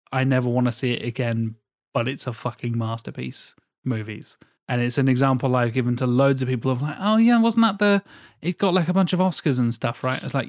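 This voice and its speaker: A man's voice: medium pitch, no room sound, studio quality. A man in his thirties from England chatting casually about films on a podcast, rambling and swearing with enthusiasm. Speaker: podcast host. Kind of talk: casual film chat.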